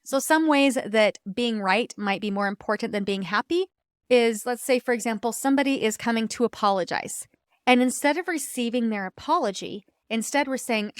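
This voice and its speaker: A woman's voice: fairly high pitch, normal speed, clear, resonant tone, no room sound, studio quality. A woman hosting a personal-growth podcast, telling a personal story in an earnest, reflective way with light laughs. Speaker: podcast host.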